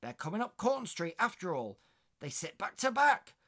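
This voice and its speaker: A man reading aloud, voicing excitable West Country maidservants who gossip from their windows. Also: moderate pace. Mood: excited. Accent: West Country (put on). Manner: high-pitched, eager, exclaiming.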